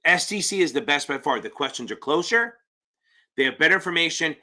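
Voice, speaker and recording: A man's voice: a little high, lively intonation, a little fast, pushed and bright. A man running a live-stream Q&A as an exam prep tutor, talking bluntly, rambling and swearing casually as he answers viewers.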